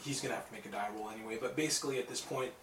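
Game master, male, relaxed and laughing, hushed for horror; roomy, far-off call recording. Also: rapid-fire. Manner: laughs easily, drops to a low hush when narrating horror. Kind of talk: running a tabletop horror game over a call. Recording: echoey call audio from far off, noisy.

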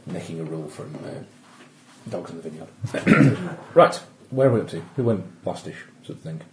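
A man running a tabletop game as game master, chatty and relaxed, giving rulings with plenty of ums. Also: sits low, moderate pace. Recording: echoey room with faint noise.

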